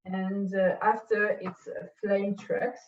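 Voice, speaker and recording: A woman's voice: mid-range voice, little pitch movement. French woman on a distant, dull call line. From France. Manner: halting, searching for English words. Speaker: podcast guest. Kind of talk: casual interview chat.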